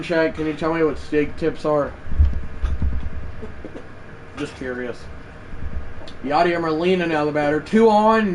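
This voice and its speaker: A man's voice: fairly high pitch, a little hiss or hum. A man giving casual play-by-play commentary on a baseball video game livestream, chatty and prone to correcting himself mid-sentence. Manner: chatty, self-correcting, with side remarks.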